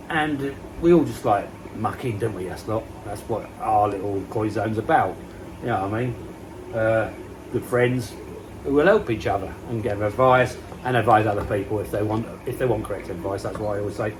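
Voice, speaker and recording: This is a man from England, in his fifties, who runs a koi pond vlog and rambles on casually outdoors by a garden pond, swearing as he goes and mocking himself. His pitch sits fairly low, against a noisy background.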